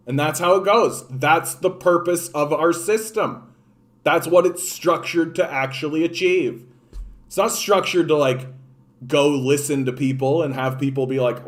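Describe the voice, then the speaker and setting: A man's voice: fairly high pitch, moderate pace. A man ranting about politics on a livestream, impassioned and full of swearing. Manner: impassioned, profane, repetitive. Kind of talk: unscripted political rant.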